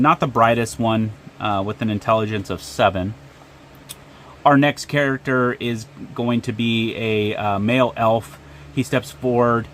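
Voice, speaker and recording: A man's voice: mid-range voice, fairly bright tone, a little hiss or hum. A man narrating and running a solo tabletop game with frequent ums and uhs. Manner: hesitant, lots of ums and uhs.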